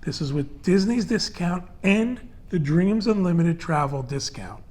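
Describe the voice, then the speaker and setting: A man's voice: high-pitched, lively intonation, measured pace, darkish tone. A man hosting a casual panel podcast, talking loosely with fillers as he walks through prices and details step by step. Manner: chatty, loose and conversational with many fillers. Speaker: podcast host.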